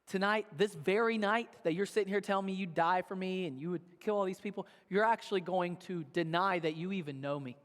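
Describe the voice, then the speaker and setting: Jesus, hushed and grave, as a preacher puts him on. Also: male voice, high voice, a little fast, few pauses, pitched below the performer's own voice. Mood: solemn. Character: solemn, troubled male teacher Jesus. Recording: long hall reverb.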